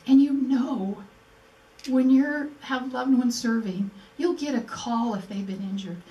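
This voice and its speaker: A woman's voice: a little high, a little slow, warm tone, lo-fi sound. An older woman giving an earnest personal speech at a museum event, acting out remembered conversations as she tells her story. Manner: earnest, acts out remembered dialogue. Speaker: speaker at a memorial event. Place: museum presentation room. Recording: echoey room, mic at a distance.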